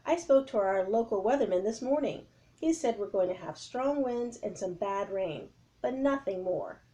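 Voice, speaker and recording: A woman's voice: mid-range voice, animated, normal speed, dark tone, natural voice. A woman reading aloud and voicing a jolly, kindly male police officer in a children's storybook, in a cheerful, reassuring, dismissive way.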